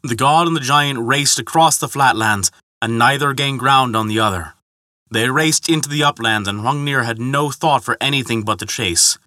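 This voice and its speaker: Bright-voiced male myth storyteller. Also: medium pitch, no echo, studio quality. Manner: measured, dramatic storytelling. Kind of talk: scripted mythology narration.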